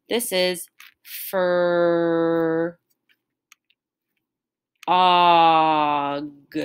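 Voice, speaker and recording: A woman with a lowish voice teaches a recorded phonics lesson to young children, speaking patiently and drawing out the sounds of words.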